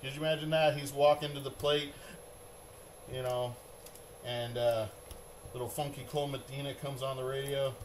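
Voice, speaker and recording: A man's voice: mid-range voice, level tone, normal speed, long pauses, a little hiss or hum. A middle-aged man hosting a live card break, chatting in a rambling, upbeat way.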